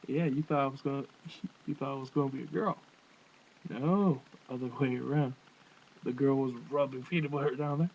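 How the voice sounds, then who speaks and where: A vlogger with a medium-pitched, slightly mellow voice rants crudely and ramblingly into his webcam at a normal speed, keeping a steady tone and laughing often. The webcam microphone gives dull audio with a faint hiss.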